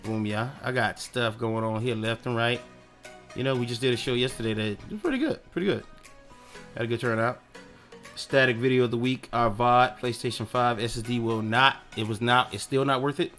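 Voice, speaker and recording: A man's voice: mid-range voice, normal speed, fairly bright tone, soft background music. A man hosting his own live stream in loose, rambling casual chat, swearing offhandedly and talking to himself as he clicks around.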